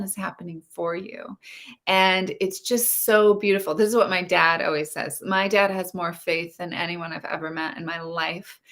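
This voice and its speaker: A woman coaching her viewers on love and intimacy during a live stream. Her voice sits a little low. She speaks in an earnest, spiritual way, turning straight to the people watching and asking them to answer in the comments. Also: a bit bright. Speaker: relationship coach.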